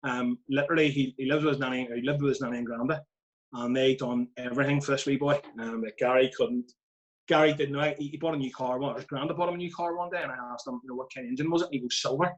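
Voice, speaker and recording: A Northern Irish football manager, a guest on a casual podcast, telling lively anecdotes and laughing at his own stories. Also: mid-range voice, fast, muffled recording.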